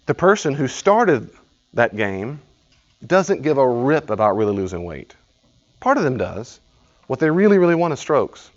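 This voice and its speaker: A man's voice: mid-range voice, very animated, normal speed, muffled recording. A man leading a study group, lecturing in a conversational, storytelling way and acting out little dialogues. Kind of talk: live class lecture.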